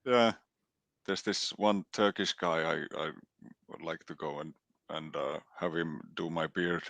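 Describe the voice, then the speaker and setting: A man co-hosting a casual livestream chat, not a native English speaker, talking in halting bits with many restarts, his chest sore and cough-prone. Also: low voice, fairly even intonation, gravelly, a bit bright, no echo. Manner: halting, restarts often, quick laughs. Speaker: co-host.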